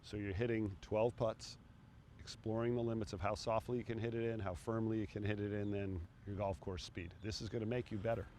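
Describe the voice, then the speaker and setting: A middle-aged man coaching putting outdoors on a green, talking in a relaxed, encouraging way between putts. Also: on the low side, a little fast, slight background noise. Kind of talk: on-course instruction.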